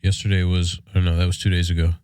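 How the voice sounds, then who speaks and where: Thirties male podcast co-host, congested nasal cold voice, low-pitched, dry close sound, rambling casual chat. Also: little pitch movement, fast, a little mellow, clean tone, no echo. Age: 30s. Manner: easygoing, rambling with fillers. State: stuffy nose from a cold. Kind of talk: casual chat and read sponsor ads.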